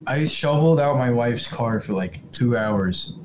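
A man's voice: medium pitch, expressive, unhurried, noisy background. A young man in casual podcast chat over a video call, blunt and bragging, swearing freely.

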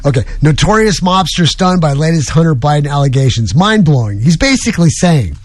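A man's voice: fairly high pitch, lively intonation, brisk. Rambling jokey male talk-radio host. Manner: rambling, jokey, self-deprecating. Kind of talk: casual talk radio banter.

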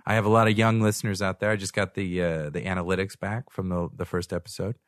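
Rambling, jokey low-voiced man. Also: flat delivery, quick pace, no room sound, clean studio sound. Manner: rambling, joking, laughs often. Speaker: podcast host. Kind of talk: casual podcast chat. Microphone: studio microphone.

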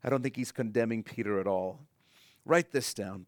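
A man preaching a sermon in an earnest way, slowing down and softening on his key points. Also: fairly low pitch, dry recording, studio quality. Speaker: pastor.

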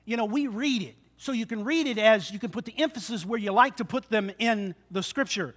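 Male pastor, high bright voice, preaches with acted-out retellings and call-outs to the congregation. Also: a little fast. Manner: dramatic retellings with shifting loudness; rhetorical questions to the congregation. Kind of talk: sermon.

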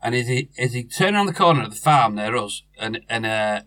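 Chatty man, bright dry voice. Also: mid-range voice, expressive, a little fast, dry recording. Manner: chatty, jokey, stumbling restarts. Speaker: podcast co-host. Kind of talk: casual chat.

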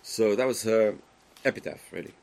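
A man giving a Torah lecture to a live class, speaking emphatically, swinging between loud exclamations and quiet asides, and putting questions to his listeners. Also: on the low side, normal speed, gravelly, poor audio. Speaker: Torah teacher.

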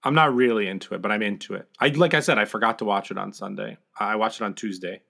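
A man co-hosting a podcast in casual chat, measured and critical in his opinions. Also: lowish voice, gravelly, fairly bright tone. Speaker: podcast co-host.

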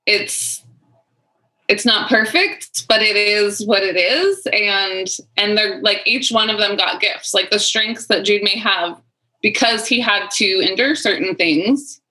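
A woman with a bright, clear voice shares her thoughts in a relaxed conversation. She muses thoughtfully, leaning on "like" and trailing restarts. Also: medium pitch, takes it slowly, rough recording. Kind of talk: reflective conversational chat.

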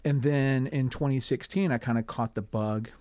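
A man who acts in community theater, relaxed and thoughtful in an interview. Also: medium pitch, normal speed, clear, resonant tone. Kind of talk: casual interview.

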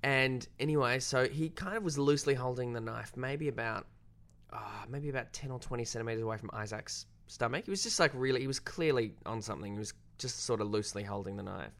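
A man's voice: fast talker, creaky. A young Australian man, a filmmaker guest, telling a story in casual, self-deprecating chat. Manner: animated, self-deprecating, jumps pitch when quoting.

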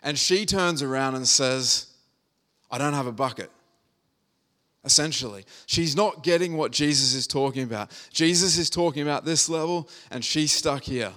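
A man's voice: a little high, moderate pace, hardly any pauses, bright, forceful tone. A man preaching a conversational sermon, reading scripture and retelling the story with humor.

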